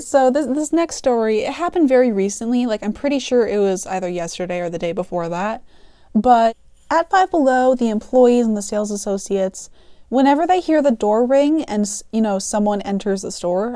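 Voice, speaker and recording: A woman's voice: fairly high pitch, animated, normal speed, warm tone, no room sound, clean studio sound. A teenage girl chatting casually through a storytime vlog, giggling and laughing as she talks. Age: teens. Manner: chatty and giggly, often laughing mid-sentence. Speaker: art channel host telling work stories.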